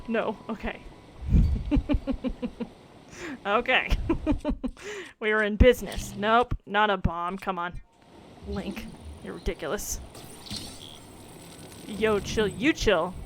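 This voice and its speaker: Lively young woman streaming a game. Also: mid-range voice, slight background noise. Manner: chatty, laughs often, exclaims at game mishaps. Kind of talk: casual gameplay commentary.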